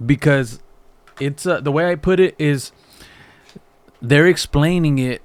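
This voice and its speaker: A man chatting on a casual podcast in a relaxed, rambling way, sometimes grunting to mimic people. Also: on the high side, a little slow, smooth, no room sound. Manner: laid-back, rambling, with grunting impressions. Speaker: podcast co-host.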